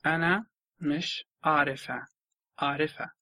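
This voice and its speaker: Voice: medium pitch, steady tone, very fast, pushed and bright, no echo. A student in a spoken language lesson giving brief answers and repeating phrases.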